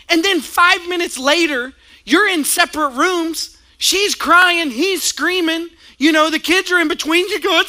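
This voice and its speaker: A man preaching as a pastor before a congregation, telling stories in an animated way and often laughing. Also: very high voice. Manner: animated storytelling with frequent laughter. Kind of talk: sermon. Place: church stage before a congregation.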